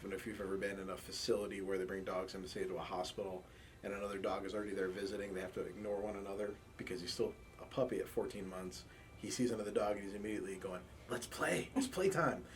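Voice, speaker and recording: A low-pitched man talks fast over slight hiss or hum, sharing stories in a documentary interview. He's a campus police officer who handles a support dog, and he relaxes into acting out the dialogue he quotes.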